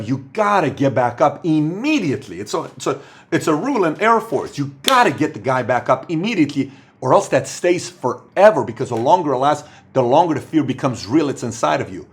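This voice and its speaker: Man as host coaching entrepreneurs, emphatic, repeats himself, goes quiet and low for stories. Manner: emphatic, repeats phrases for stress. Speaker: host giving business advice. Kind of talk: motivational talk to camera.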